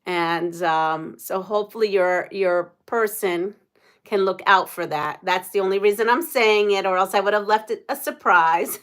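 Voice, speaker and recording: A woman from the United States with a mid-range, slightly bright voice hosts a casual livestream. She's chatty, laughs often, and reads viewer comments aloud.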